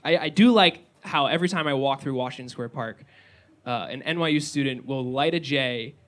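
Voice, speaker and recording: A young man doing a stand-up comedy set, excitable and given to yelling. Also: medium pitch, brisk. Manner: excitable, rising to yells. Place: small comedy venue with live audience.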